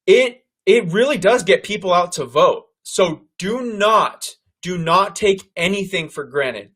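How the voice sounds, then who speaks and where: Loud guy doing a political livestream, high voice, keeps saying guys. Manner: loud, animated, addresses viewers as guys. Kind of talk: casual political commentary.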